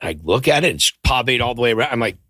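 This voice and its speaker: Bright-voiced animated man telling stories. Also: mid-range voice, fast talker, slightly rough, no echo, studio quality. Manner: animated storyteller who acts out quoted voices. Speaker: podcast guest. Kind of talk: storytelling in casual chat. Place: podcast studio.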